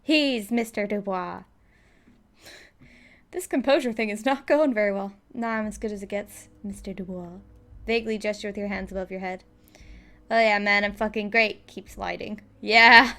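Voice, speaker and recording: A woman's voice: medium pitch, normal speed, bright, forceful tone. A woman giving playful, casual commentary while playing a game, reading its text aloud and laughing often. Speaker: let's player.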